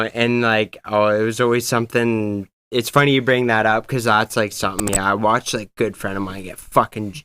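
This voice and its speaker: A man chatting casually on a podcast, laid-back and swearing, often chiming in with quick agreement. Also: lowish voice, level tone, bright, forceful tone, clean tone.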